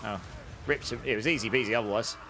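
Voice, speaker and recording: A man's voice: medium pitch, quick pace, sharp tone, a little hiss or hum. A man chatting casually while streaming a game, answering his chat and telling long rambling anecdotes.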